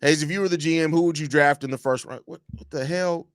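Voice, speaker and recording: A man with a slightly high voice hosts a laid-back live-stream sports podcast from his home. He talks loosely, repeats his phrases and reads chat questions aloud. The sound is dry and close on a desk microphone. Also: fast, smooth, dry recording. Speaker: podcast host.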